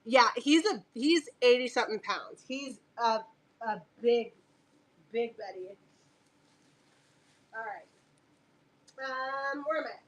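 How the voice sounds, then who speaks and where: A woman's voice: on the high side, slow, long pauses. A woman selling fabric on a casual live stream, chatty and joking, laughing often and talking aside to her dog.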